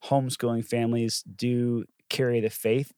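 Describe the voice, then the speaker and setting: A man's voice: mid-range voice, level tone, normal speed, a little mellow, clear, resonant tone, no echo, clean studio sound. Teasing, upbeat male podcast host. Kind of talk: casual conversation.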